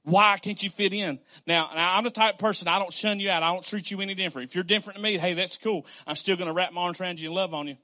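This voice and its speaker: Animated high-voiced male preacher. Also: quick pace, few pauses. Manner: conversational, animated preaching with repetitions and acted-out quotes. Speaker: pastor. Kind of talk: sermon.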